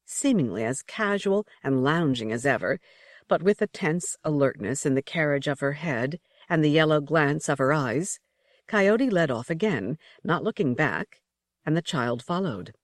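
A woman's voice: sits low, lively intonation, moderate pace, no echo, studio quality. A woman narrating an audiobook story with vivid, rhythmic storytelling. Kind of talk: expressive scripted narration.

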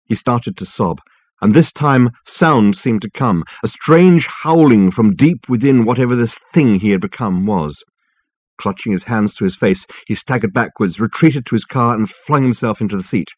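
A man reading an audiobook in measured, dry storytelling on a close studio mic. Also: on the low side, a little mellow, husky, no echo. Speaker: audiobook narrator. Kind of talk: scripted audiobook narration.

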